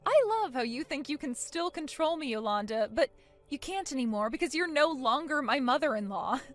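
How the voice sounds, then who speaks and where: A smug young wife answers in a soft, cool and sarcastic tone, voiced by a woman. Her slightly high voice still moves freely in pitch. Faint music runs underneath this animated story. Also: moderate pace. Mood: mocking.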